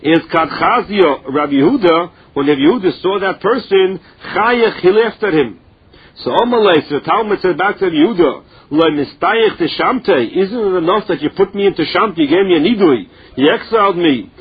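Husky-voiced man teaching Talmud, lo-fi. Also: sits high, expressive. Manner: chants source text slowly, then explains in plain English. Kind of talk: Talmud lesson, translating Aramaic into English. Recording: dull, lo-fi recording.

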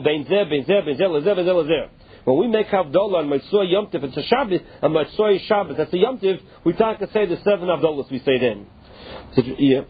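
Husky high-voiced man teaching Talmud, tinny. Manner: reads Aramaic phrases then paraphrases each in plain English. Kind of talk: explaining a Talmud passage. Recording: tinny phone-line sound.

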